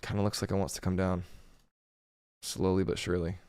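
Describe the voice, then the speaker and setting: A man with a hoarse, gravelly voice giving casual live commentary while day trading, thinking aloud over his charts. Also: deep voice, flat delivery, a little fast, a little mellow, dry recording, clean studio sound. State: hoarse, voice going.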